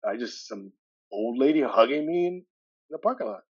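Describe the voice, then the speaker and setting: A man in his sixties, a podcast guest from California, telling a personal story with animated delivery. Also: medium pitch, moderate pace, slightly rough, muffled recording. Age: 60s. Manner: animated storyteller who acts out dialogue with shifting voices.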